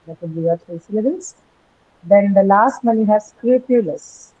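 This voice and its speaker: Woman teacher, husky and mellow, patient explainer, muffled audio. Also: mid-range voice, animated, moderate pace. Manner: patient, explains step by step with many ums and rights. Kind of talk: online English phonetics class.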